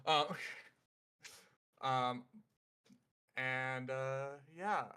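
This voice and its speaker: Casting: man, bright smooth voice, halting casual intro full of fillers. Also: medium pitch, steady tone. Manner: halting, many fillers, swears and laughs. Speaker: guest voice actor and game master.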